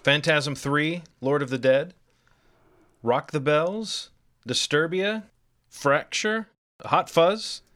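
A man's voice: on the high side, slow, pauses often, pushed and bright. A man hosting a casual podcast chat, joking around and reading lists aloud with mock disbelief. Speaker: podcast host.

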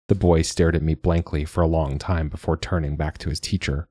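A man giving measured, wry, reflective first-person audiobook narration. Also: very deep voice, steady tone, darkish tone, no room sound, clean studio sound.

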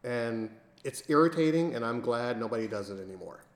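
A man's voice: medium pitch, animated, brisk. Sardonic man in a roomy echo. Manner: sardonic, dry jokes, moderating the talk. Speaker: podcast host. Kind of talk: casual chat.

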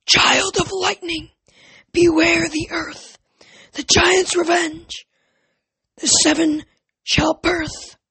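Ancient raspy oracle spirit. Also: fairly bright tone, dry recording, exaggerated voice, low-quality recording. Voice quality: raspy, hissing whisper. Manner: slow, high, eerie intoning. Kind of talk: audiobook reading.

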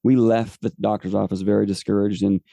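A man's voice: lowish voice, little pitch movement, a little fast, gravelly, dark tone, no echo. A man in his forties, a podcast host telling a personal faith testimony in an earnest, rambling way with many fillers. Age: 40s.

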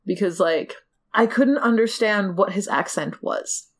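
Chatty young woman, medium pitch. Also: measured pace. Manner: rambling, chatty, laughs easily, swears casually. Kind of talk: casual chat.

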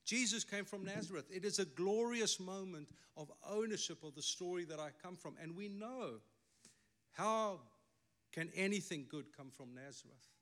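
A man's voice: high-pitched, normal speed, fairly bright tone. A middle-aged man with a South African accent, a native Afrikaans speaker, preaching a sermon with emphatic delivery and wry asides. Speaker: pastor.

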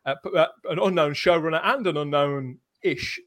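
A man's voice: on the high side, moderate pace, a bit bright. A man hosting a livestream panel chat, steering the talk and reading out viewer comments. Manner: leads discussion, reads viewer comments. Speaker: podcast host.

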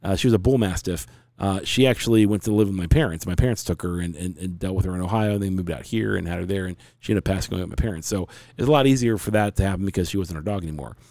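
Very fast and a bit creaky, a man in his forties spills out a long personal story in a rambling, earnest way, like on a relaxed podcast. His voice is slightly low, mellow and warm, and the close, dry recording has no echo.

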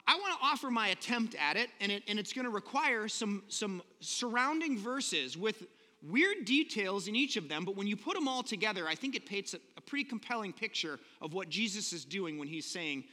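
A man's voice: high-pitched, expressive, a little fast, bright, forceful tone. A man preaching a casual, conversational sermon to his congregation, talking informally and often correcting himself mid-sentence. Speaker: pastor. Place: church sanctuary. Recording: long reverb in a church hall.

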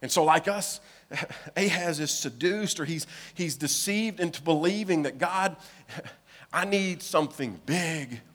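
A pastor preaching a sermon, retelling a story with acted dialogue, swinging between hushed, low lines and loud, urgent ones. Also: male voice, a little slow. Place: church sanctuary.

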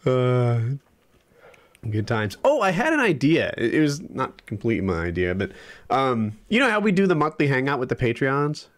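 A man's voice: medium pitch, huge pitch swings, normal speed. A man in his forties co-hosting a podcast, chatting casually and rambling with lots of fillers. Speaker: podcast co-host. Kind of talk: casual chat.

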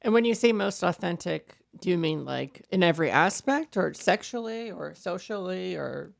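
Woman host with a low gravelly voice, easygoing questions. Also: lively intonation, normal speed. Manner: friendly, brief reactions and open questions. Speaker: interviewer host. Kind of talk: casual interview questions.

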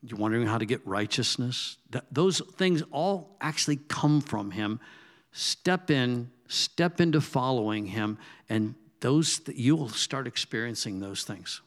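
A man delivers a sermon in a relaxed, conversational manner. His voice sits at an ordinary middle pitch. He asks his listeners pointed questions, swells into emphatic bursts, and drops into soft, low asides. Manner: talks directly to the congregation with questions. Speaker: pastor.

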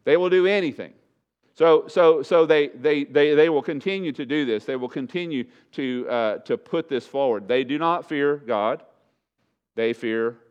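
A male pastor preaching a sermon in a church, speaking with emphasis and repeating his key phrases. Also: smooth. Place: church sanctuary. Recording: dull low-fidelity church recording.

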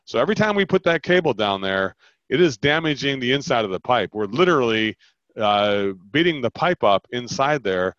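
A man's voice: mid-range voice, normal speed, no echo. A man coaching a caller on sales, acting out both sides of the conversation. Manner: animated, acts out both sides of a sales call. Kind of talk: coaching call, role-playing sales talk. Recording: dull lo-fi call audio.

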